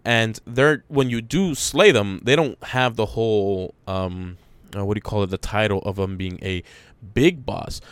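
A man's voice: fairly low pitch, a little slow, smooth, no room sound. A man co-hosting a podcast, explaining game details at length in a rambling way, with many restarts. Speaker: podcast co-host. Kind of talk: casual gaming chat.

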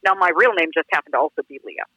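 Lively woman, a former radio DJ. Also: low voice, rapid-fire, slightly rough, dry recording, low-quality recording. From Pittsburgh. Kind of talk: casual interview chat.

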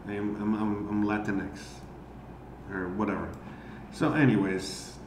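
A man streaming as an amateur comedian rants casually and profanely, rambling along and leaning heavily on "you know." His fairly low voice stays steady at a measured pace, with roomy echo and faint background noise.

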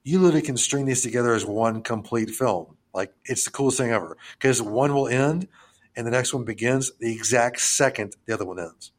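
A man co-hosting a podcast, chatting casually about horror films in a rambling, relaxed way and swearing freely. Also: medium pitch, a little fast. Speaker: podcast co-host. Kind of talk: casual film chat.

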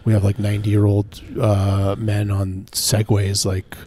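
A man hosting a comedy radio chat, riffing deadpan and absurd with halting restarts. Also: lowish voice, slight background noise. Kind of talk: joking casual banter.

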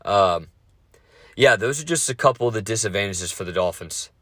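A man hosting a casual sports podcast, talking fast with lots of swearing and rambling asides. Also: fairly low pitch, lively intonation, a bit bright, no room sound, clean studio sound.

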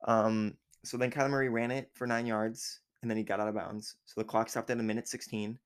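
A man's voice: fairly low pitch, little pitch movement, fairly quick, clean tone. A man casually recapping a football game from memory, rambling with many fillers and self-corrections. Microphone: recording app with a time limit.

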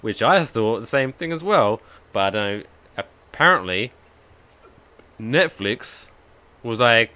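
A man co-hosting a podcast in casual chat, animated storytelling with free swearing. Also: medium pitch, takes it slowly, long pauses. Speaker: podcast co-host.

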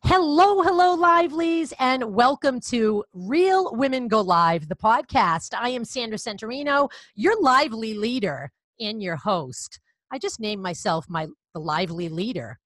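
A woman's voice: medium pitch, lively intonation, measured pace, a bit bright, no room sound. A woman from Connecticut with a Boston accent, hosting a podcast interview in a bubbly, enthusiastic way. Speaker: podcast host. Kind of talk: casual interview chat.

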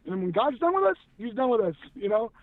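A man's voice: high-pitched, very animated, fast talker, dry recording. A man, a guest who once acted and now works in news media, talking earnestly and emphatically about faith in a casual conversation, with many restarts. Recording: tinny phone-like line, dry.

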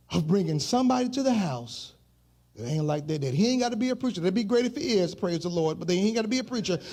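A middle-aged pastor from Chicago preaching a sermon in a chanting preacher cadence that swells into shouts. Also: male voice, sits high.

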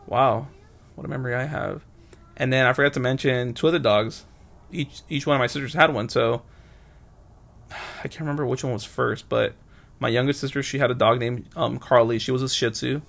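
A young man with a gravelly, creaky voice at an ordinary middle pitch, hosting his own podcast. He rambles through casual stories, swearing and stopping to correct himself. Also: steady tone, normal speed, fairly bright tone. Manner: rambling, loose and profane, many fillers and self-corrections. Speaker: podcast host. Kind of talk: casual solo storytelling.

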